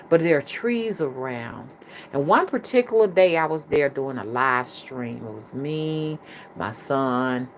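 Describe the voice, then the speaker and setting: A middle-aged woman with a Southern US accent talks to her viewers in a low, earthy voice. She tells her stories in a colloquial, chatty way and keeps calling the audience "y'all." A faint hum of background noise sits under her speech. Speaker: spiritual reader and rootworker. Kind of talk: casual storytelling to viewers.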